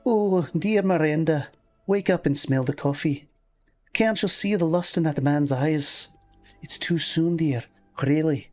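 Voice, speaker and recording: A woman's voice: low-pitched, unhurried, a little mellow, soft background music. A man voicing a prim middle-aged Scottish woman reading a formal announcement, with an airy lilt. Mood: chiding. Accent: put-on Scottish.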